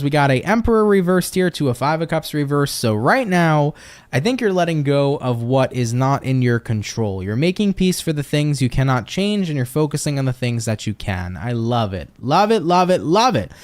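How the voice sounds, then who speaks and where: An upbeat man from the United States hosts a casual live-stream tarot reading. His voice sits a little high for a man and swings widely in pitch. He talks with loose swearing and pep-talk catchphrases, and he chats with viewers between cards. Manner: chats with viewers and reads their comments.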